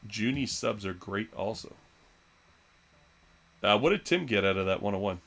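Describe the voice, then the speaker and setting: A man's voice: lowish voice, expressive, normal speed, gravelly, a bit bright. A man hosting a live sports card auction stream, joking loosely between calls of prices. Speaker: live card break host.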